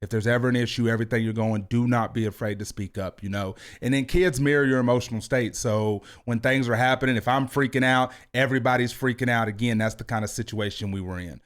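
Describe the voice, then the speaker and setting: A man in his thirties, a youth football coach and podcast host, talking with high energy and an animated, hands-moving delivery. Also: quick pace, hardly any pauses, clear, resonant tone. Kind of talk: motivational podcast talk. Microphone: video podcast mic.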